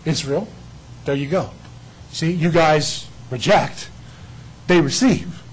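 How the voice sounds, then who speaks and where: Husky, emphatic preacher man. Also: a little high, takes it slowly, rough recording. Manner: emphatic, animated preaching that voices God in asides. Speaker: pastor. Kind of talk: sermon.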